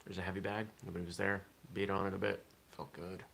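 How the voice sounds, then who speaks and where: A man's voice: low-pitched, flat delivery, quick pace, creaky, fairly bright tone, a little hiss or hum. A man hosting a casual morning vlog, rambling and thinking aloud with fillers. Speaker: vlog host.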